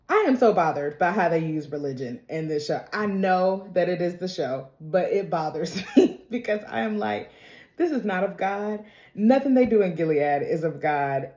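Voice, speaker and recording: A woman's voice: on the low side, darkish tone, roomy sound. A woman giving a casual recap of a TV episode, chatty and full of slang, laughing often. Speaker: TV recap vlogger.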